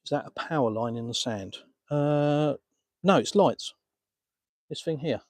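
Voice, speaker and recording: A man's voice: a little high, a little slow, no room sound. An Englishman casually answering viewer comments on a live stream from a beach, filmed on a phone. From England. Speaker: vlogger answering live chat. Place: outdoors on a beach.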